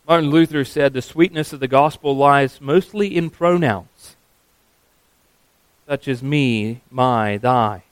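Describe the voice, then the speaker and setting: Earnest and emphatic, this male preacher delivers a sermon and slows down to stress key words. His mid-range voice comes through clean, with no echo.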